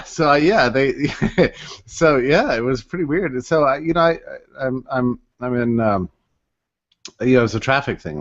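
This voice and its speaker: Rambling male storyteller, lo-fi. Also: on the low side. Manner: rambling, self-interrupting, laughs often. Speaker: co-host telling a story. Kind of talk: casual conversational storytelling.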